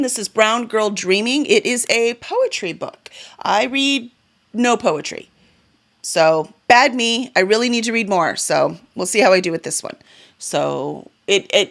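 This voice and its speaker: A woman's voice: medium pitch, fairly bright tone. A woman vlogging about the books she plans to read, chatty and enthusiastic, with fillers and small self-corrections. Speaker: book vlogger and publisher. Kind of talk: casual reading-goals vlog.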